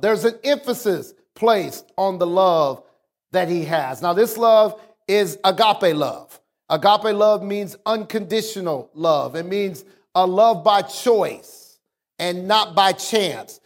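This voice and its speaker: High-voiced preaching man. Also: lively intonation. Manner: preaching with call-outs to the congregation; swings from low explaining talk to raised, drawn-out emphasis. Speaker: pastor. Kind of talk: sermon.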